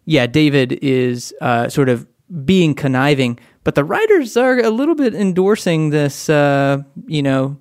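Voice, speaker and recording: A man's voice: on the high side, expressive, a little slow, few pauses, a little mellow, clear, resonant tone, no room sound. Thoughtful man on a dry mic. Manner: thoughtful, adds to the other host's points. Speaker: podcast co-host. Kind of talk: casual discussion.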